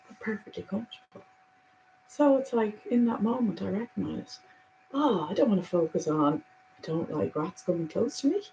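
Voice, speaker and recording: A woman's voice: medium pitch, slight background noise, low-quality recording. Earnest woman sharing spiritual thoughts. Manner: earnest, animated, swings between soft and emphatic. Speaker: spiritual speaker. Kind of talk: reflective spiritual monologue.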